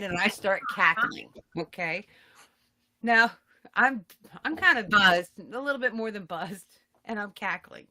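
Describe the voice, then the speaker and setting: A woman in her fifties co-hosting a podcast, telling a story in casual chat with high, loud bursts and laughter. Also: normal speed. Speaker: podcast co-host.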